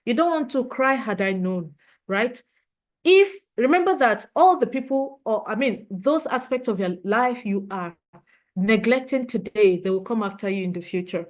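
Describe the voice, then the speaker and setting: A woman's voice: fairly high pitch, normal speed. A woman trainer giving a motivational leadership talk, earnest and emotional, repeating her points for emphasis.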